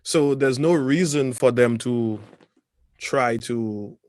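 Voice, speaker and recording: Measured man, dry close sound. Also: medium pitch, a little mellow, no echo. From Caribbean. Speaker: podcast co-host. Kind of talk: casual chat.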